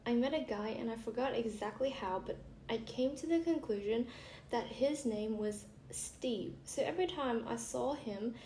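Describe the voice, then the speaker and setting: A young woman vlogger chatting casually and reading funny stories aloud while she does her make-up, giggling and trailing into soft asides. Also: a little high, creaky. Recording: echoey room with faint background hiss.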